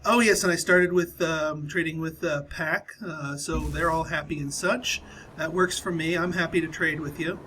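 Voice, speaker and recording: Chatty high-voiced man commentating a strategy game. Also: fairly even intonation, normal speed, pushed and bright, a little hiss or hum, low-quality recording. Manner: casual, chatty, many fillers and restarts. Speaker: gameplay commentator.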